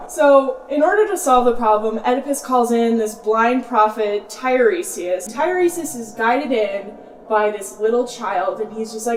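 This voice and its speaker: A woman's voice: fairly high pitch, unhurried, recorded from a distance, slight background noise. A young woman hosting a show, giving a casual, slangy book summary full of "like". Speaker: host. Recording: roomy echo, off-mic, faint music.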